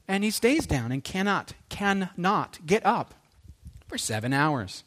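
A male preacher telling a story in a sermon, animated, often dropping to a hushed, earnest tone. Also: high voice, a little slow.

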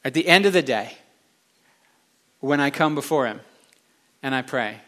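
A man's voice: mid-range voice, lively intonation, moderate pace, long pauses, pushed and bright. A male pastor preaching a sermon with passion, stressing his points through repeated phrases.

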